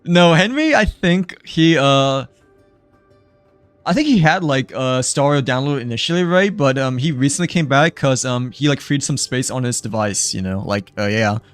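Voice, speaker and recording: A man's voice: mid-range voice, lively intonation, moderate pace, smooth, dry recording, soft background music. A young man chatting casually while streaming a game, rambling with lots of filler words and trailing off. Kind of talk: casual live-stream chat.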